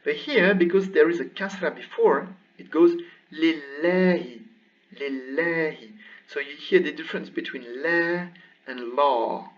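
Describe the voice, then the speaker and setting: A man teaching a recorded language lesson, slowly reading words aloud and repeating them for practice. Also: fairly high pitch, expressive. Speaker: Arabic teacher. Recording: distant, dull lo-fi mic.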